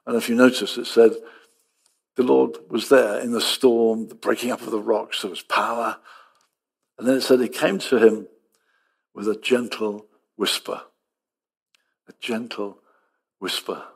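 A man preaching a sermon, acting out dialogue with lively storytelling and dropping to soft, quiet tones. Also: mid-range voice, moderate pace, creaky, husky.

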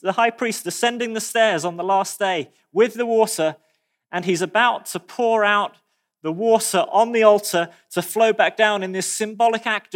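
Man, preacher, high-pitched, expressive, dramatic pauses, sermon.

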